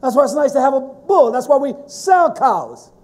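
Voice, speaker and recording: A man preaching a sermon in a fervent, emphatic way, with sudden shouted stresses. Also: extremely high pitch, sing-song, moderate pace.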